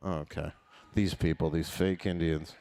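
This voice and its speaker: A man doing crowd-work stand-up comedy, loose and profane, laughing often and swinging his pitch up and down. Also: steady tone, normal speed, vocal fry, background noise.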